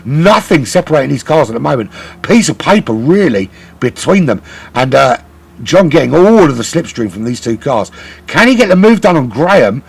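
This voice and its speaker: A man's voice: a little high, big pitch swings, normal speed, creaky, husky. A man commentating a sim race live, chatty and rambling, often correcting himself.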